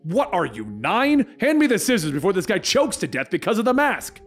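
A man's voice: sits high, wildly swooping pitch, a little fast, faint music behind, full character voice. A man voicing a blunt, impatient male doctor with a dry, curt delivery.

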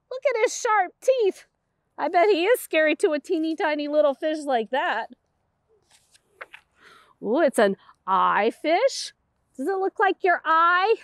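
Woman, children's librarian; high, lively, encouraging read-aloud for toddlers. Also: measured pace, dry recording, clean studio sound. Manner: sing-song, exaggerated and encouraging, with many delighted gasps. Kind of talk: toddler storytime reading.

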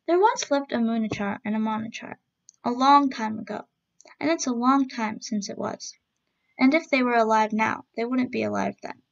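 Gravelly woman reading a storybook. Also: fairly high pitch, normal speed. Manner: steady, even-paced read-aloud. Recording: dull lo-fi recording.

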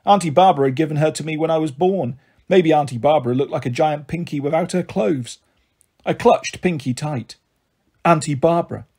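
A man reading a children's novel aloud, narrating in the first person in an even, unhurried way. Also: on the high side, husky. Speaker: storybook reader.

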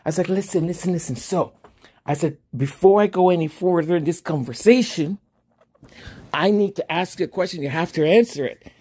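A man's voice: high-pitched, brisk, husky. A man hosting his own podcast, telling a story in a casual monologue, laughing often and acting out both sides of a conversation. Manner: animated, laughing, acts out both sides of a dialogue. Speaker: podcast host.

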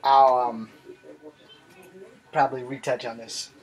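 A woman's voice: rumbling low, level tone, takes it slowly, rough recording. A woman talking casually between her own songs, emotional, self-deprecating and rambling with many fillers. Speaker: amateur songwriter.

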